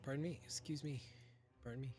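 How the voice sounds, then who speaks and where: A man's voice: mid-range voice, steady tone, a little fast, a little mellow, soft background music, pitched above the performer's own voice, natural voice. A man voicing a small, timid male kobold guide who stammers and is overly polite.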